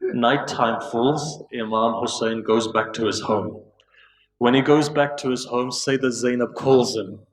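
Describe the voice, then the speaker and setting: A man's voice: mid-range voice, a little slow, poor audio. A man giving an emotional storytelling sermon, putting rhetorical questions to his listeners. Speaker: preacher.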